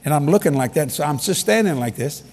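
Lively husky preacher in a reverberant hall. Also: male voice, a little high, fast talker. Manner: animated, repeats key lines for emphasis. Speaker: preacher leading a ministry. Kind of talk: humorous storytelling sermon. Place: large hall with an audience. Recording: long reverb of a large hall.

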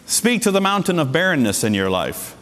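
Male pastor, middle-aged, fairly high voice, emphatic sermon delivery, long hall reverb. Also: sing-song, a bit bright. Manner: emphatic preaching with sudden pitch jumps and slowed stresses.

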